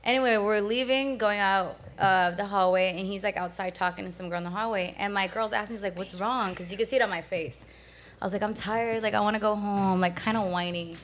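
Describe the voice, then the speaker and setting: A woman's voice: mid-range voice, brisk. Chatty young woman telling a story. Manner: chatty, lots of "like" fillers, animated storytelling. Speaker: podcast guest. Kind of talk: casual storytelling.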